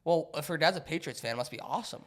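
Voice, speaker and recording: Lively joking male podcast co-host. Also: a little high, racing. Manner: joking, trails off and restarts. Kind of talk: casual chat.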